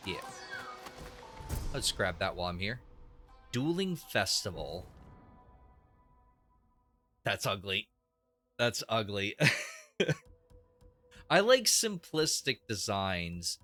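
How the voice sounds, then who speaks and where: A man's voice: on the low side, sing-song, drawn-out words, pauses often, pushed and bright, faint music behind. Chatty young man streaming a game. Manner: chatty, opinionated, thinks aloud with restarts. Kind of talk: casual live gameplay commentary.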